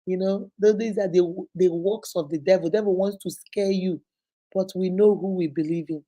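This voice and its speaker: A woman's voice: medium pitch, fairly even intonation, normal speed, warm tone. A middle-aged woman with a Nigerian accent hosts a live stream, greeting viewers by name in an exuberant, preachy way.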